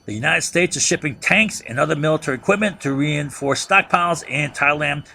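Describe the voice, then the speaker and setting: A man's voice: a little high, fairly quick, vocal fry, sharp tone, slight background noise. A man teaching a history lesson in a loose, conversational way. He keeps checking in with a rhetorical "right?" and often restarts or repeats words as he thinks aloud. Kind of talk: conversational lecture.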